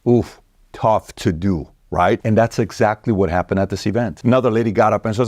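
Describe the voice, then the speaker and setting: A man commenting in a motivational podcast style, emphatic and preachy, with quick asides. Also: fairly low pitch, a little mellow, no echo, studio quality.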